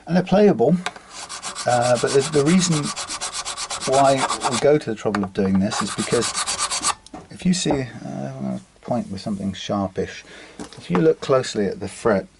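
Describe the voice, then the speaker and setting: A man's voice: mid-range voice, expressive, normal speed. A man working as a guitar repair technician, talking through his work in a casual, rambling way with frequent fillers and restarts. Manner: chatty, thinking aloud with many restarts and fillers. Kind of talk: casual workshop demonstration. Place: workshop bench. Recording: loud workshop filing noise. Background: file rasping and sanding on metal frets.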